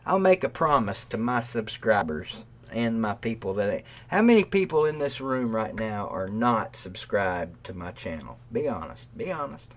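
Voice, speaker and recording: A man's voice: on the low side, big pitch swings, normal speed, hardly any pauses. A man hosting a live stream, joking and swearing in a drawl and breaking into off-key joke songs. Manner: joking, profane, drawling banter with off-key singing. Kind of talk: casual live-stream chat with strummed guitar. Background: acoustic guitar.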